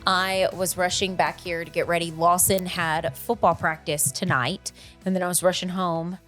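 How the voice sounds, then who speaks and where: A woman's voice: lowish voice, little pitch movement, normal speed, fairly bright tone, soft background music. A woman co-hosting a casual podcast, teasing and giggly as she retells what happened. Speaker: podcast co-host. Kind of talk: casual chat.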